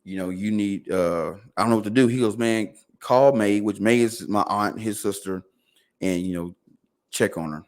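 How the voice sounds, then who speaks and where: A man tells a personal story in a relaxed podcast chat. He leans on "you know," repeats words as he goes, and voices the people in his story. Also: lowish voice, moderate pace. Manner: fillers and repeated words, quoting others in dialogue. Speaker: podcast guest. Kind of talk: casual storytelling.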